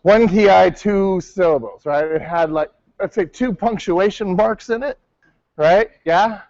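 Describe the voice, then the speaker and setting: A man teaching a martial arts class, calling out counts and correcting his students as he goes. His voice sits high, and the recording is dry and a little muffled. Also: measured pace, a little mellow, no room sound. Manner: barks counts, coaching and correcting.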